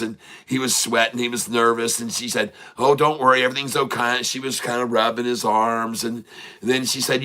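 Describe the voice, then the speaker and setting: Man, livestream host, casual joke-telling, rambling, laughs a lot, very bright tone. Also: mid-range voice. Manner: rambling, laughs often, repeats words. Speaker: livestream day trader.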